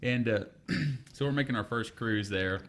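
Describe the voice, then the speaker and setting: A young man with a drawl tells a story to friends on a podcast, slipping into the voices of the people he quotes. His voice sits in an ordinary middle pitch, and he talks in a loose, chatty way. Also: a little slow, fairly bright tone. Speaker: podcast co-host. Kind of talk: casual storytelling chat.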